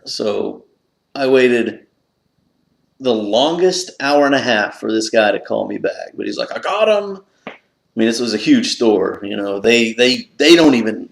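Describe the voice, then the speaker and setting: A man vlogging about a lucky find, telling the story with lots of excitement and leaping up in pitch when he relives his panic. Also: a little slow, vocal fry. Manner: excitable, jumps up high when retelling his own panic. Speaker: pipe collector vlogger. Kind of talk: animated storytelling to camera. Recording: echoey room.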